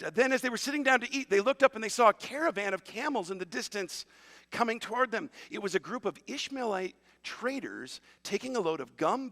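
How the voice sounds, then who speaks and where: A man preaching a sermon as pastor, retelling a story in a lively, conversational way with asides to the congregation. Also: sits high, in a large hall. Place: church auditorium.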